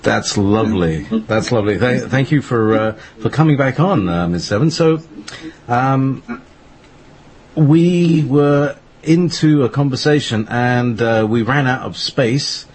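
A man hosting an internet radio talk show, slow and rambling with many fillers. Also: medium pitch, darkish tone, husky. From Scotland. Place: home studio in northern Scotland.

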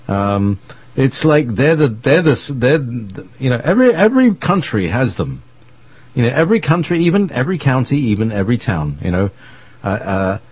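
A man's voice: fairly low pitch, darkish tone, breathy edge, no echo. A man hosting an internet radio show in casual chat, rambling and playful and laughing often.

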